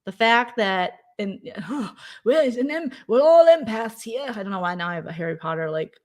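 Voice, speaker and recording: A woman vlogger talking casually late at night, with a fairly high voice. She is blunt and gossipy, with the odd swear word thrown in. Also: animated, moderate pace. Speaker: vlog host.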